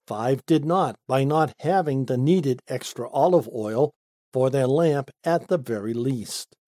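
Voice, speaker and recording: A man reading a Bible study commentary aloud. He speaks deliberately and lifts his pitch sharply to stress single words. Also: mellow, dry recording, clean studio sound. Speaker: Bible teacher.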